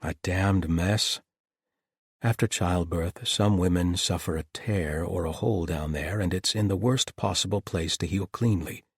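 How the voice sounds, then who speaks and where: A man's voice: low voice, a little slow, husky, no echo, clean studio sound, exaggerated voice. A man voicing a blunt, exasperated male doctor who talks frankly and rants.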